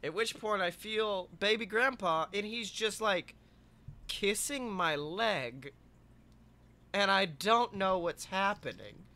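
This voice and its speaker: A man's voice: high-pitched, slow pace. A young man co-hosting a podcast, chatting casually and acting out funny stories with lots of swearing. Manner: animated storyteller, swearing, acting out quotes. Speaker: podcast co-host. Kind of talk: casual chat.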